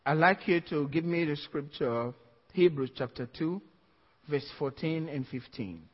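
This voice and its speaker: A man's voice: on the high side, unhurried, slightly rough. A man preaching a sermon to a congregation, emphatic and repeating his key phrases, with little laughs between points. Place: church hall. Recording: dull lo-fi, long hall reverb.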